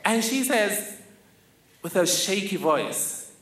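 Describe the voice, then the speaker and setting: This young man, from South Africa, narrates a personal story on stage, unhurried, with lively intonation and a sharp, slightly high voice. He is wry, vivid and self-mocking. A little hiss or hum sits under the echoey hall sound and faint ambience.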